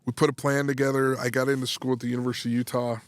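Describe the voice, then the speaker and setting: A man's voice: mid-range voice, racing, dry recording. A man in his thirties, a sports psychology coach, telling a story in a casual podcast interview, restarting phrases and acting out dialogue as he goes. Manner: animated, restarts phrases, acts out quoted dialogue.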